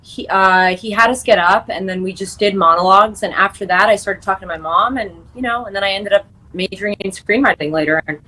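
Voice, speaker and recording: She's a young actress and screenwriter talking briskly in a medium-pitched voice that sounds pushed and bright, recorded roughly. As an interview guest she keeps things casual and chatty, laughing easily amid plenty of fillers and restarts.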